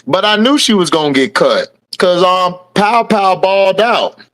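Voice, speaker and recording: A man's voice: sits high, lively intonation, a little slow, a bit bright. A man hosting a casual livestream, reading out viewer names and answering the chat, laughing often. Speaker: livestream host. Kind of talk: casual live-chat commentary.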